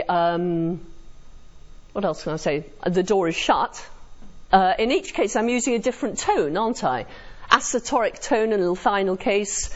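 A woman with a medium-pitched, slightly mellow voice lectures students on philosophy in a classroom. She is chatty and keeps checking their understanding with tag questions, and the classroom recording sounds dull and lo-fi.

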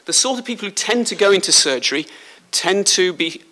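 A man's voice: high-pitched, animated, fairly quick, bright, forceful tone. A man from Liverpool, a surgeon, giving a chatty, joking talk to pupils at a school. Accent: Liverpool English. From Liverpool, England. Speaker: guest speaker, surgeon. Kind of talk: school speech. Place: school hall.

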